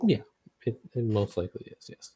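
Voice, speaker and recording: A man running a tabletop game as game master, describing scenes in a relaxed, hesitant way. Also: fairly low pitch, a little fast, slightly rough. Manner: relaxed, hesitant, many fillers.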